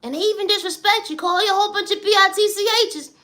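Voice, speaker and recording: A man voicing a high, squeaky encourager who gives a spoken-word pep talk and keeps saying "neighbor" and "you know.". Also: quick pace, bright, forceful tone. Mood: earnest.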